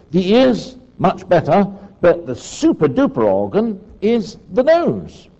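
A man's voice: fairly high pitch, darkish tone. An older man giving a rambling, chatty talk, often asking his listeners to agree. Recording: dull lo-fi recording.

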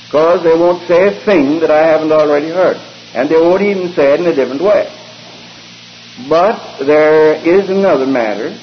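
A man preaching a sermon in a slow, deliberate way, pressing his points with emphasis. His voice sits a little high and rings through a long hall reverb. The recording is dull and lo-fi, with a faint hiss under it. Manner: deliberate, emphatic, drawn-out phrases with hesitant fillers.

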